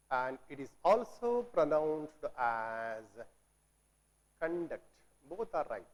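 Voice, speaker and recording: Slow-spoken teacher, echoey hall. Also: male voice, high voice. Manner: slow, repeats words, asks questions and answers them himself, clears throat. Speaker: English teacher. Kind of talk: classroom grammar lesson. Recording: long reverb, as in a hall.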